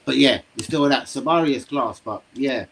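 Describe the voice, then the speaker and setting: A young man hosting a live football stream, chatting to his viewers in slangy, excitable talk with frequent swearing. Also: medium pitch, moderate pace, creaky, a little hiss or hum, low-quality recording. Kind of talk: casual live-stream commentary. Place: home room.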